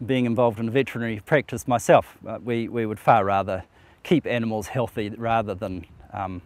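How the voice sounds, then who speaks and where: A veterinarian man explains livestock health in a measured, professional tone. His voice is lowish, and it is recorded dry with no room sound. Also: steady tone, no echo. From New Zealand. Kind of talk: explanatory interview.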